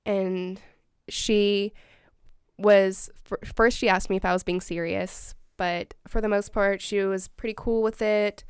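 A woman's voice: mid-range voice, level tone, measured pace, smooth, dry recording, studio quality. A young woman chatting casually, telling a story with lots of "like" and quoted dialogue. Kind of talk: casual chat.

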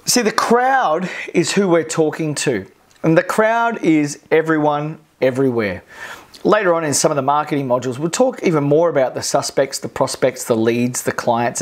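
An Australian presenter delivering a recorded online course lesson. The delivery is energetic and repetitive, hammering key phrases and acting out crowd cheers to make a point. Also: mid-range voice, moderate pace.

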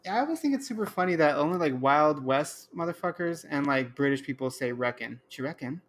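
Male podcast co-host, relaxed casual talk, slightly higher voice, faint noise behind. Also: fast. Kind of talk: casual chat.

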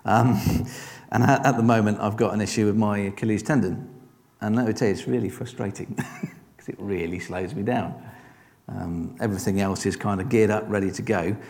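A man's voice: on the low side, fairly even intonation, moderate pace, a little mellow, big-room sound. A man preaching a sermon, conversational and encouraging, with frequent rhetorical questions.

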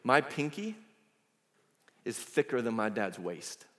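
A man's voice: mid-range voice, big pitch swings, takes it slowly, bright, forceful tone, exaggerated voice. A man doing a scornful young king. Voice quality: boastful, scornful. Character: arrogant young male king, boastful and contemptuous.

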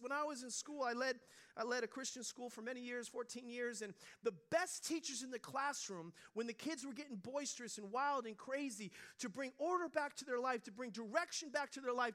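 A middle-aged man preaching a sermon in a conversational storytelling way, dropping to a hush and then rising loud. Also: very high-pitched. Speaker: pastor.

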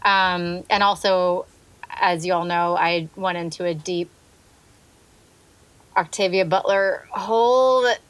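A woman co-hosting a casual podcast chat who keeps backing the others up with quick agreement. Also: fairly low pitch, steady tone. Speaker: podcast co-host.

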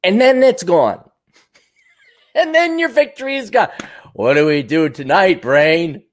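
Animated rambling male host. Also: sits high, takes it slowly. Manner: animated, digressive, laughs often, swears. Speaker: show host. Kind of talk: casual rambling monologue.

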